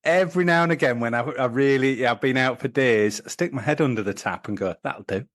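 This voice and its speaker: A man banters as a podcast co-host, laughing at his own jokes. His voice sits at a middle pitch, and the recording is dry and close. It was recorded at a campsite. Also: quick pace, a bit bright, no echo. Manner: jokey, laughs often. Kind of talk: casual banter. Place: campsite outdoors.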